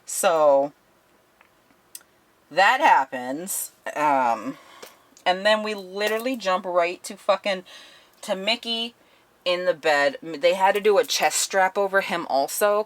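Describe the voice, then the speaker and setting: A woman's voice: on the low side, takes it slowly. A woman giving a casual spoken book review, retelling the plot bluntly and swearing often.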